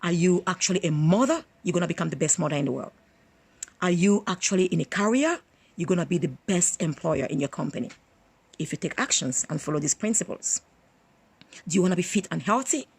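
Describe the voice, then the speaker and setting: A woman's voice: on the low side, animated, fairly quick, gravelly, slightly rough. A middle-aged woman, an author and motivational speaker, talking effusively and emphatically, often repeating her phrases. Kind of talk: motivational livestream talk.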